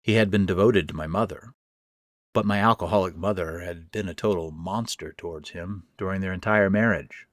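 Deep-voiced man narrating a horror story. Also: no room sound, clean studio sound. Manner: measured, deliberate storytelling.

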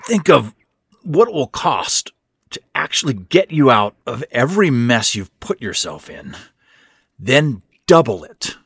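A bitter old man with a hoarse, rasping voice , done by a male narrator, scornful toward his stepson. Dry, close sound, unhurried pace. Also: mid-range voice, sing-song, no echo, pitched above the performer's own voice, heavily acted. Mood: insistent. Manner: scornful, insistent. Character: bitter old sick stepfather, wealthy, rasping.

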